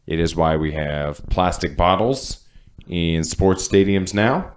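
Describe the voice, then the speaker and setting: A man with a Cleveland accent and a very low voice talks with a friend on a podcast. He is blunt and swears freely, speaking with easy conviction. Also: slow. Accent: Cleveland, Ohio. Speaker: podcast co-host. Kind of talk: casual chat.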